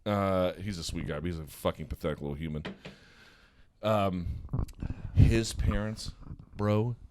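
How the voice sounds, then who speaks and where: A man co-hosting a podcast in casual chat, telling stories in an animated, profane way from a hotel room. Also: low voice, unhurried, a little hiss or hum. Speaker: podcast co-host.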